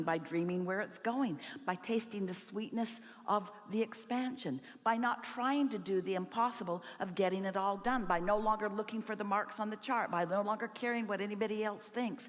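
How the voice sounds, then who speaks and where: Brief: woman of mid pitch, inspirational seminar speaker, emphatic and rhetorical, live hall reverb. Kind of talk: inspirational talk to an audience.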